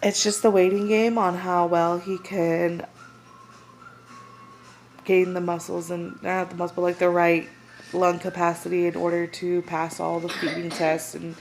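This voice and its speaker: A young woman, casually retelling a story and acting out what others said in lively voices. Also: lowish voice, a little slow. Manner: animated, acts out quotes of others. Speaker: new mother. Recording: noisy home recording.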